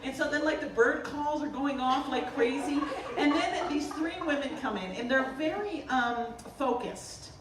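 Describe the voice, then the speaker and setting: A woman from the Boston area, a potter giving a humorous artist talk, telling stories in an animated, joking way. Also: high voice, a little slow, hardly any pauses, crowd noise. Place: lecture room at a festival. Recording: roomy, distant mic, faint noise.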